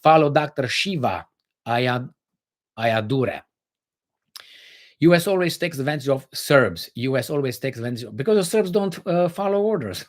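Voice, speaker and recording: A man hosting a livestream, reading viewer comments and giving blunt opinions in casual chat, with many fillers and restarts. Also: on the high side.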